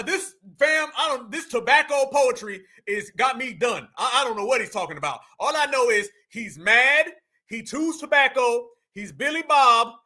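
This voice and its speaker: A man's voice: very high voice, pushed and bright. A man hosting a reaction commentary, slangy and exclaiming, often breaking into laughter. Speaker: commentary host.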